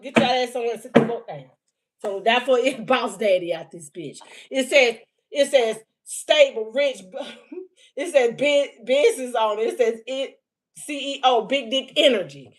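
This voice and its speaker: A woman with a somewhat high voice rants through a livestream spiritual reading. She swears freely and mocks as she goes, breaking into laughter. She slows down to read each message out word by word. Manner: profane, heated and mocking, often laughing; reads out messages slowly, word by word. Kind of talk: unscripted livestream reading and rant.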